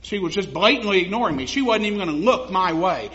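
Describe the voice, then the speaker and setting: High-voiced, bright-toned man preaching. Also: animated, fast talker, few pauses. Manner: conversational preaching, laughs at own stories, rises to emphatic. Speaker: pastor. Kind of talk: sermon. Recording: dull lo-fi sound.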